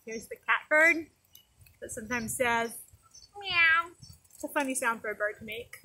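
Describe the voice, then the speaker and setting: A woman teaching young children in a video lesson, talking in a gentle, sing-song way that is exaggerated for little ones. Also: fairly high pitch, normal speed, breathy edge. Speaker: preschool teacher. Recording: noisy background.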